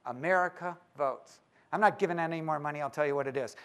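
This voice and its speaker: A man speaking to church leaders at a conference, lively and joking as he teases the audience. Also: fairly high pitch, fast, smooth. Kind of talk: live talk to an audience.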